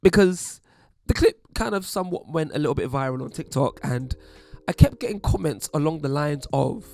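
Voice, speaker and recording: Wry chatty British man, gravelly. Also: fairly high pitch, moderate pace. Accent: British English. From England. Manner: chatty, wry, lively asides. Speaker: YouTube host. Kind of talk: casual commentary to camera.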